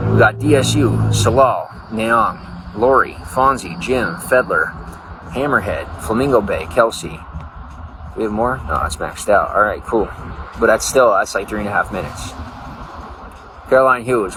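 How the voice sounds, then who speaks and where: A man with a fairly low voice chats loosely on a live stream, rambling between thoughts and calling out viewers by name. There's a steady noisy hiss behind him. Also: moderate pace, long pauses. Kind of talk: casual live-stream chat. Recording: noisy background.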